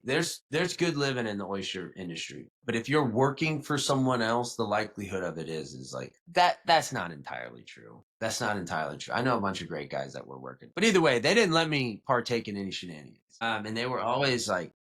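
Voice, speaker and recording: Low-voiced young man telling stories. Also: sing-song, a little fast, few pauses, fairly bright tone. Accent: light South Louisiana. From Louisiana, south of New Orleans. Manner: rambling, self-correcting, with many "like" and "you know". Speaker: podcast guest. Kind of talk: casual storytelling interview.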